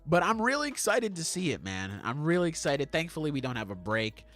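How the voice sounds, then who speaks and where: A man's voice: on the high side, sing-song, a little fast, a bit bright. A young man hosting a podcast, chatting casually and acting out scenes with swearing and laughter. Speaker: podcast host. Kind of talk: casual chat.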